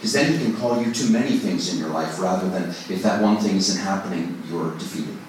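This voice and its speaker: A man with a low voice speaks fairly quickly, with slight background noise, in an informal songwriting talk to a group. He was recorded at a distance in a big, very echoey room. His tone is conversational and self-deprecating, and he dramatizes his inner voices.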